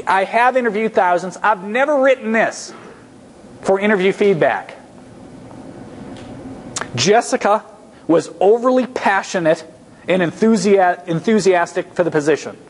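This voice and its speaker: A man giving a humorous, energetic talk as a guest speaker, emphatic and repeating key points. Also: sits high, a little hiss or hum. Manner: energetic, acts out quoted voices, emphatic repetition. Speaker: guest speaker on job interviews. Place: lecture hall.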